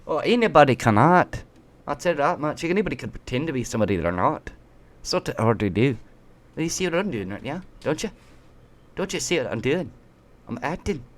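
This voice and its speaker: A man's voice: mid-range voice, a little hiss or hum. A man giving a ranting opinion commentary, emphatic and sarcastic, hammering at his points with repeated rhetorical questions. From United States. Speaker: political commentator.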